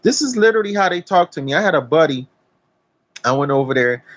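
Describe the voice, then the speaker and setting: A man's voice: on the high side, lively intonation, fast talker, fairly bright tone. Profane, preachy man ranting outdoors. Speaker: vlogger. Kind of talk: blunt talk-to-camera rant. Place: outdoors in nature.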